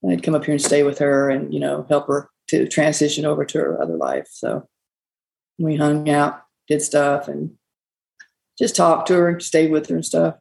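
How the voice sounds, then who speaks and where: Gravelly woman telling bar stories. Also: sits low, moderate pace, darkish tone, rough recording. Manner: rambling, folksy, quotes people often. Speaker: bar owner. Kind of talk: casual storytelling interview.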